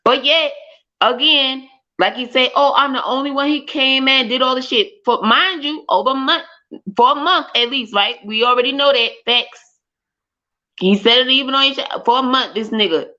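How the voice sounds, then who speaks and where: Over dull lo-fi stream audio, a high-pitched woman chats casually at normal speed as a livestream host. She's animated, swears a lot, and breaks into loud exclamations and laughter.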